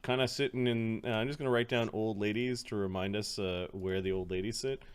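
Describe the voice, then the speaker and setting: A man running a tabletop game as game master, who sometimes booms drawn-out arena announcements. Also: smooth. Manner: booming drawn-out announcer calls, relaxed asides.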